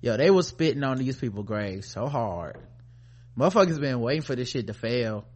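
A man co-hosting a podcast, ranting in a profane, animated, mock-outraged way. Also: mid-range voice, moderate pace. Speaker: podcast co-host. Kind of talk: casual comedic rant.

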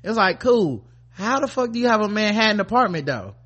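A man co-hosting a podcast, ranting in a profane, animated, mock-outraged way. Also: high voice, brisk. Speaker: podcast co-host. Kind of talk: casual comedic rant.

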